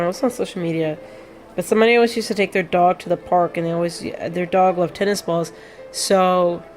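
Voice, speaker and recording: A young woman giving rambling, sentimental commentary on a game as a let's play host, with many fillers. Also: fairly low pitch. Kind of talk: casual gameplay commentary.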